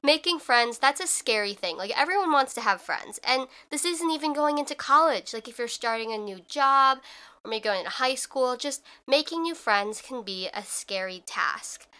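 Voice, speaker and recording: A young woman talks through her own podcast episode in a loose, reflective way, leaning on "like" and little restarts. Her voice sits a bit high and has a crisp, bright edge. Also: expressive, moderate pace. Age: young adult. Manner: chatty, filler-heavy, reflective. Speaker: podcast host. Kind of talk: casual solo podcast talk.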